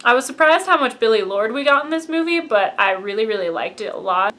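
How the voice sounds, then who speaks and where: A woman's voice: on the high side, animated, quick pace, bright, forceful tone. A woman giving a casual, gushing fan review of a film and acting out lines from it. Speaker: movie reviewer.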